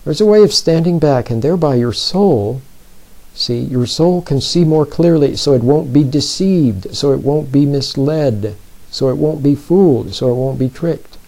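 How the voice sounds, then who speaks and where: A man giving spoken self-help advice, slow and deliberate, who keeps repeating his points and checking in with the listener. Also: on the high side, warm tone, rough recording. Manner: repeats points and often checks in with "See?" and "Are you with me?". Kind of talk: plain spoken advice talk.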